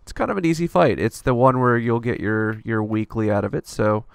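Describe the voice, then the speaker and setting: Gravelly, rambling male game-guide narrator. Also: mid-range voice, brisk, no echo, clean studio sound. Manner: loose and rambling, with frequent fillers and offhand swearing. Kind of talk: casual gameplay strategy voice-over.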